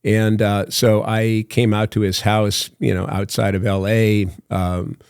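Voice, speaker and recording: An older man with a low, gravelly voice tells a long story as a podcast guest. He rambles and halts, filling gaps with plenty of uhs and ums, and slips into the voices of the people in his story. The sound is close and dry. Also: flat delivery, a little mellow, no echo. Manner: rambling, halting with many fillers, acts out phone calls. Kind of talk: casual storytelling.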